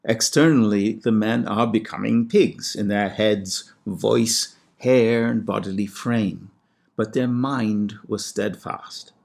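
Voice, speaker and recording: A man, a classics scholar, giving a measured and precise lecture on ancient poetry with a lightly wry touch. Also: lowish voice, creaky, a little mellow. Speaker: classics scholar and podcast host. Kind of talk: scripted lecture with recited Greek verse.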